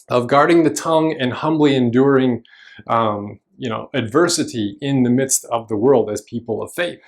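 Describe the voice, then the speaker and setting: A man in the middle of his range, preaching a relaxed, conversational sermon in a church. He walks through the scripture in an explanatory way, with everyday phrasing, fillers and restarts. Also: medium pitch. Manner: casual, explanatory teaching with frequent fillers and restarts. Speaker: pastor.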